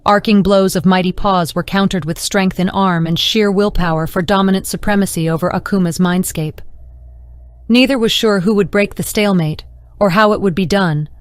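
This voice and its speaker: A woman narrating an audiobook in a measured, dramatic reading. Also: on the low side, clean tone, no room sound. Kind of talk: scripted narration.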